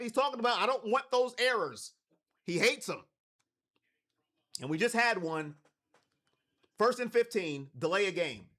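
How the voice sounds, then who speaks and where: A man from Cleveland hosting a live watch party stream, calling plays and talking to his chat. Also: high voice. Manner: hypes chat, shouts on big plays.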